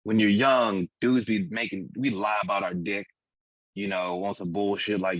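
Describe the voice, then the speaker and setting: A man's voice: lowish voice, moderate pace, no room sound. A man in his forties, co-hosting a podcast in candid comedic chat, frank and profane, often laughing at his own jokes. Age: 40s. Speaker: podcast co-host. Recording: dull dry lo-fi recording.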